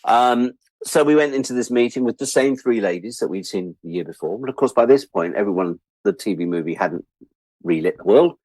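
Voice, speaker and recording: A middle-aged man telling stories as a guest in a casual interview, animated and acting out the voices of the people he quotes. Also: sits low, fairly quick, slightly rough, no room sound.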